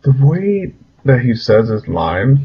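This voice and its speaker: A man's voice: medium pitch, big pitch swings, slow, a crowd in the background. A man co-hosting a casual podcast, laid-back and agreeable, rambling a bit. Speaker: podcast co-host. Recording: slightly dull lo-fi podcast audio.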